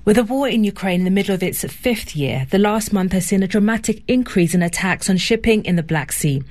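Woman newsreader, steady formal script, mid voice. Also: mid-range voice, brisk. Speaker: news presenter. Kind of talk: scripted news reading.

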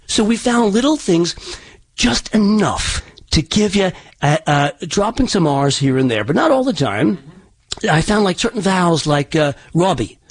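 A man's voice: high-pitched, very animated, moderate pace, husky. A man working as a dialect coach, explaining accent sounds in an interview, often restarting and repeating words. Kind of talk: interview answers.

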